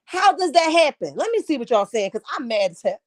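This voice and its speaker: A woman rants in a sassy, scolding way while reading comments on a live stream. Her voice sits high and is wearing hoarse. The sound is dry and close, with no room echo. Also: big pitch swings, fairly quick. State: losing her voice. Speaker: YouTube commentary host.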